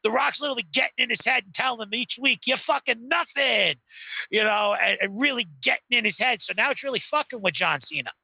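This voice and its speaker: A man's voice: very high voice, fast talker, vocal fry, hardly any pauses, sharp tone, breathy edge, dry recording, rough recording. A man co-hosting a casual podcast at home, swearing freely while acting out wrestling scenarios. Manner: rambling, swears a lot, acts out scenes. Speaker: podcast co-host. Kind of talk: casual chat.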